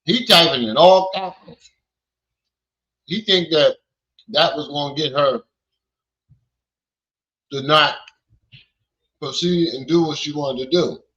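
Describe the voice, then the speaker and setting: A man's voice: a little high, takes it slowly, pauses often, fairly bright tone, muffled recording. A man giving blunt, profane reaction commentary in casual slang.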